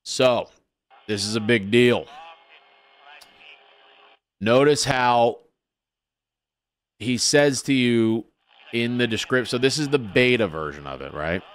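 A man's voice: medium pitch, animated, takes it slowly, pauses often. A man hosting a casual gaming livestream, talking in a laid-back folksy trucker way and greeting his chatters. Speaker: livestream host.

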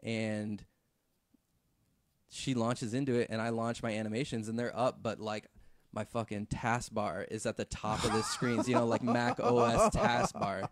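A man with a voice on the low side talks a little slowly as he tells a story on a casual podcast. A visual effects artist, he's loose and relaxed, full of fillers and plenty of swearing.

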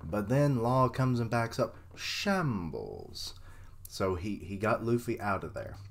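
A man giving casual live reaction commentary, excitable and swearing freely. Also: fairly low pitch, slow pace, gravelly. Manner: excitable, swears freely, laughs and voices characters.

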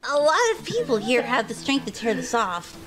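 A woman's voice: a little high, animated, normal speed. A woman giggling and exclaiming while playing a voiced game with friends. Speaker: fan dub player. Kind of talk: casual gameplay banter. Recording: game music loud behind.

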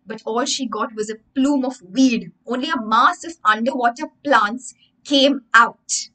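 A young woman narrates a children's story on a live stream. Her voice is bright and a little high, and she keeps pausing to restate lines in easier words. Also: rough recording. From India. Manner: explains and rephrases each story line with simpler words. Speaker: storyteller and English teacher.

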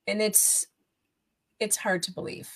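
A woman's voice: medium pitch, little pitch movement, measured pace, fairly bright tone, poor audio. A woman guest on a podcast interview, a writer, speaking in an indignant, emphatic way.

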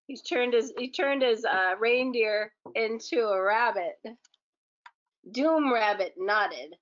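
A woman's voice: a little high, fairly bright tone, highs cut off. A woman teacher reading a picture book aloud to children, with chatty asides to her young listeners.

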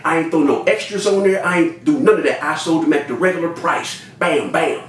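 A man telling a story in an animated way, addressing his listeners directly and acting out other people's lines. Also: fairly quick. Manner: talks straight to listeners, repeats cues to remember; acts out other people's lines with big pitch jumps. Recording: roomy sound from a distant mic with faint noise.

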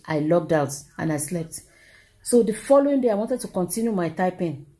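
Mellow-voiced Nigerian woman telling a story. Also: fairly low pitch, moderate pace. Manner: animated, exclamatory, repeats herself for emphasis. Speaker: vlogger. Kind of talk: casual storytelling to camera.

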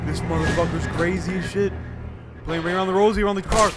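A young man streaming a horror game, excitably swearing and yelling at what happens on screen. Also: on the high side, fast. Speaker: gaming streamer. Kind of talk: horror game let's play. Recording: loud game music behind voice.

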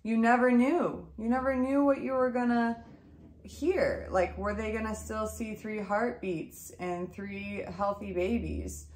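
A woman in her thirties, a mother, telling her family's story in a casual, animated way and acting out the dialogue. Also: mid-range voice, measured pace, echoey room. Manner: emotional, animated retelling with quoted dialogue.

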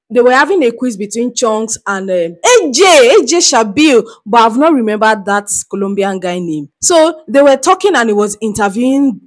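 Chatty Nigerian woman reacting to clips. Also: on the high side. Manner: chatty, laughing, animated asides. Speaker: reaction video host. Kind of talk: casual reaction commentary.

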